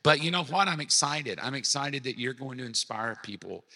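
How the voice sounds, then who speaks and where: Man, pastor on a guest spot, upbeat and bright, echoey long-reverb room. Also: mid-range voice, animated, moderate pace, slightly rough. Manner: upbeat, joking, effusive. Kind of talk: casual podcast chat.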